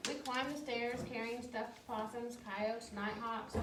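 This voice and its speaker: A woman reading a children's storybook aloud in a lively, expressive way. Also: fairly high pitch, measured pace. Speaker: reader. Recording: echoey room, distant mic, faint noise.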